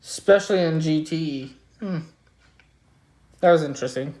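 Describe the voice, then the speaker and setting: A reaction video host chats casually over the video. The host muses, trails off and thinks out loud in a relaxed, unscripted way. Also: medium pitch, normal speed. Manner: musing, chatty, thinks aloud. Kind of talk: casual commentary.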